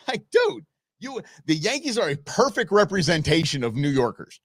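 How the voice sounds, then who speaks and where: A middle-aged man hosts a live show in a loose, opinionated rant, answering his chat as he goes. His voice swings widely in pitch, and the sound is close and dry. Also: very animated, moderate pace, no room sound. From Los Angeles area. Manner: opinionated, ranting, talks back to chat. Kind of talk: casual live-stream chat.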